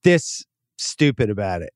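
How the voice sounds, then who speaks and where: A man's voice: lowish voice, very animated, measured pace, dry recording. A middle-aged man co-hosting a podcast, chatting casually with a dry, teasing humor. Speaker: podcast co-host. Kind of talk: casual chat.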